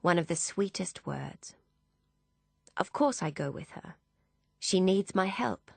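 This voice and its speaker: A woman narrating a novel in the first person, measured and even. Her voice sits low and is recorded close, with a dry studio sound and no room around it. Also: creaky, no room sound. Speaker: audiobook narrator.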